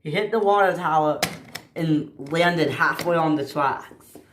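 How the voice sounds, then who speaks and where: A woman's voice: low-pitched, unhurried, slight background noise. A woman narrating a toy train story in a plain storytelling way.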